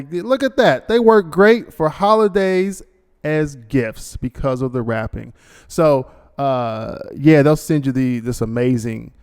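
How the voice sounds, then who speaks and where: A man's voice: medium pitch, darkish tone, smooth. A man hosting a podcast in a rambling, joking monologue, full of fillers and asides. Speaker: podcast host. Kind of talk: casual monologue with a read sponsor ad.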